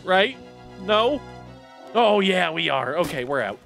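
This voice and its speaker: Excitable high-pitched gaming commentator. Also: male voice, slow, vocal fry, soft background music. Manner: excitable, yelps and shouts at the game. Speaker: gaming YouTuber. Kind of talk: let's play commentary.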